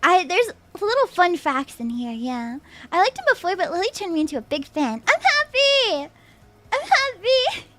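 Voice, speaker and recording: A woman's voice: high-pitched, big pitch swings, a little fast, few pauses, fairly bright tone. A young adult woman streaming as a VTuber, chatting casually and playfully with her viewers, laughing often and repeating her own phrases. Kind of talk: casual live-stream chat, reading chat aloud.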